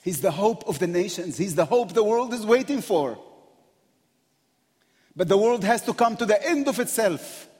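A man preaching a sermon in a church with a slightly high voice that carries a long, lingering reverb through a large hall. He talks with passion and feeling, laughing often between phrases as he speaks to the congregation. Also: lively intonation, moderate pace, a little mellow. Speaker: guest preacher. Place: church sanctuary.

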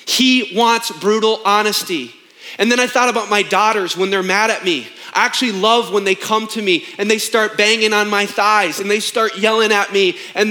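Bright high-voiced man preaching. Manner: emphatic and conversational, with rhetorical questions. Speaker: pastor. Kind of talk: sermon.

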